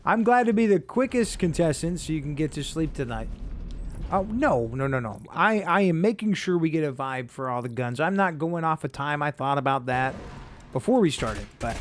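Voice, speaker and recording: A man's voice: a little high, lively intonation, normal speed, a little hiss or hum. A man commentating casually while he plays a shooter game. He rambles, jokes and swears freely. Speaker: streamer.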